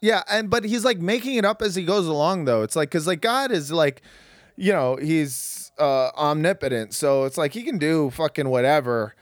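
A man talking on a remote podcast call with a smooth, clear voice that sits a touch high. The sound is dry and close, and his delivery is loose and profane. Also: expressive, moderate pace, no echo. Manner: riffing, profane, laughs into jokey impressions. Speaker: podcast co-host. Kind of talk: casual comedic chat. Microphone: remote video call.

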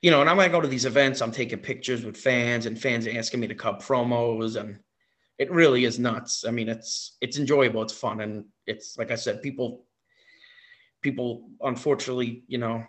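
A man appearing as a guest, who does wrestling impersonations, relates a story with casual enthusiasm, repeating himself and using many fillers. He speaks at normal speed with a medium pitch.

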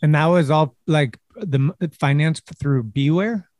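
A man's voice: a little high, measured pace, darkish tone, dry recording, studio quality. A man interviewing a guest, reacting briefly and asking eager clarifying questions. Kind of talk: casual interview.

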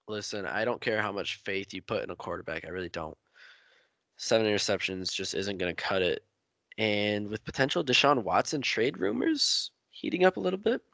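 A man's voice: fairly low pitch, fairly bright tone, no room sound. A man hosting a casual sports podcast, giving his picks and handing the floor to each guest. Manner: leads the talk, hands off to each guest. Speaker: podcast host.

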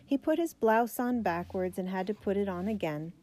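A woman narrating a children's biography aloud, steady and gentle. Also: medium pitch, normal speed.

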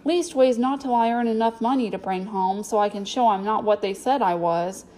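A woman's voice: fairly high pitch, moderate pace, darkish tone, natural voice. A woman reading aloud, voicing a shy, polite young runaway boy who speaks earnestly. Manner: earnest, eager. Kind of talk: storybook reading.

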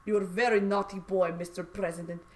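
A woman's voice: medium pitch, fairly even intonation, fairly quick, darkish tone, close to an everyday voice. A woman putting on a hammy movie-villain strongman. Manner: hammy thick movie-villain accent, breaking into laughter.

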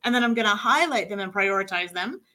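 A woman accent coach talking in a casual radio conversation, animated and full of affirming mm-hmms. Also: mid-range voice, fast talker.

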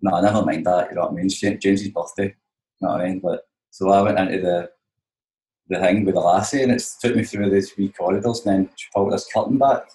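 A man's voice: low voice, fairly even intonation, fast talker, mellow. Rambling Scottish man in a roomy echo. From Scotland. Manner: rambling, sweary, keeps saying "you know what I mean". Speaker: touring musician, guest. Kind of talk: casual storytelling chat.

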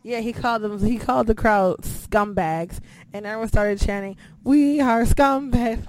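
A woman talks in a loose, conversational flow, peppering her sentences with "you know" and casual swearing. Her pitch sits in an ordinary middle range, with a faint hum of noise behind her. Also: steady tone, normal speed, a little mellow. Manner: chatty, swears a lot, fills with "you know". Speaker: podcast host. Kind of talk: casual chat.

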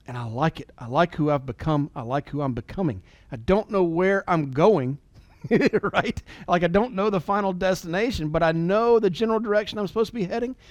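A man in his forties giving an earnest, emotional motivational talk, at times dropping to a soft near-whisper. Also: high voice, dry recording. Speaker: business leader and motivational speaker.

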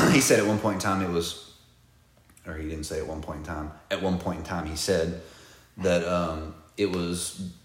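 A low-pitched man chatting loosely and swearing freely as he tells stories. His voice sits fairly deep and bounces around an echoey room. He speaks laid-back and unhurried. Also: a bit bright. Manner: laid-back, profane storytelling with laughing outbursts. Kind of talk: casual chat.

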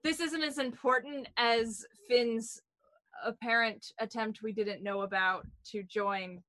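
Animated young woman, bright-pitched. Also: slow pace, no room sound. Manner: animated, laughs while telling stories. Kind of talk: casual chat.

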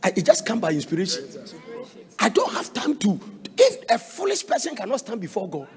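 A man preaches a sermon, his voice high and rough with fry. His pitch leaps up and down constantly. He bursts into shouts and slides into sing-song lines. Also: wildly swooping pitch, brisk, long reverb tail. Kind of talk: sermon with counseling stories.

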